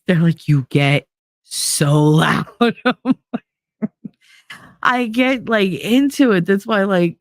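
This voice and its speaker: A woman's voice: lowish voice, no room sound, studio quality. A woman hosting a podcast, talking casually and candidly in a monologue with plenty of swearing. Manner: candid, animated, swears freely. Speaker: podcast host.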